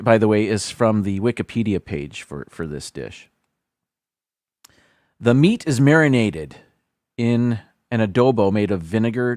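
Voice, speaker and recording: Man, casual livestream host, animated pitch, halting reading, self-deprecating asides, dry sound. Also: dry recording. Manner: reads haltingly, stumbles over foreign words, self-deprecating asides.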